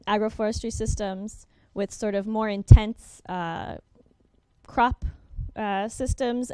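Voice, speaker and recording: A young adult woman presents at a workshop over slides, her voice smooth and clear. She talks fast, fills pauses with ums and uhs, and restarts her sentences. The sound is dry and close, with no room echo. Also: mid-range voice, mellow. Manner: quick, with many ums and uhs, self-correcting.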